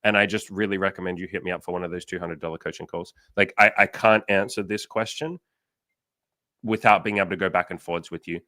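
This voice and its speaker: A fast, blunt man with a lowish voice hosts a casual livestream, talking through dating advice and slipping into quoted voices. He swears freely. The sound is dry and close. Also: fairly bright tone, dry recording. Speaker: dating coach and livestream host.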